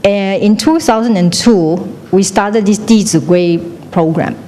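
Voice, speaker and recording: A middle-aged teacher lectures in an unhurried, warm, medium-pitched voice, asking her class one question after another. She goes back and forth between Chinese and English, captured with long hall reverb and faint noise.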